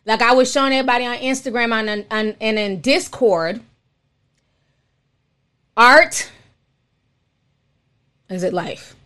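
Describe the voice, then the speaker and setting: A woman from Minnesota hosting a live stream, telling stories in casual chat and reading viewer messages, animated and exclaiming, calling listeners honey. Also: a little high, measured pace, pauses often, smooth.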